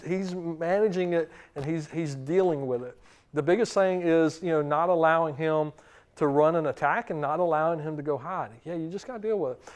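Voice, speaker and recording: A man in his thirties, a dog trainer giving a seminar to clients in a conversational way, often repeating words and acting out the commands he gives. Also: a little high.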